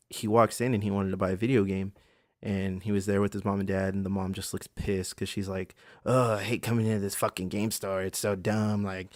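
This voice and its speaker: A man's voice: lowish voice, no echo, studio quality. A man hosting a podcast in a casual monologue, rambling and profane, with many fillers. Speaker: podcast host.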